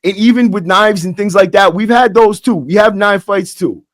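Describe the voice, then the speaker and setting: A man's voice: high voice, moderate pace, no room sound, clean studio sound. A man hosting a podcast, telling stories in a blunt, streetwise way, often saying "bro" and restarting his sentences. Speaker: podcast host and former prisoner. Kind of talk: casual storytelling monologue. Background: faint acoustic guitar music.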